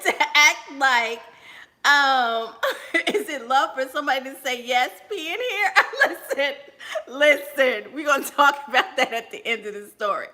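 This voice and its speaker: A woman tells a personal story on a casual livestream. Her voice sits high and bright, and she takes her time. She laughs often and speaks straight to her viewers.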